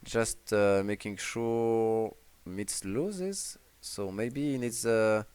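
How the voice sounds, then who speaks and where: A man's voice: on the low side, extremely slow, darkish tone, clear, resonant tone. A man with a French accent casting a strategy game casually, talking hesitantly with many fillers and restarts. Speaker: esports caster.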